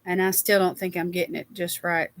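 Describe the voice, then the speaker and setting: A woman's voice: lowish voice, flat delivery, brisk. A woman, chatting casually with viewers as a livestream host and reading their names aloud. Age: 60s.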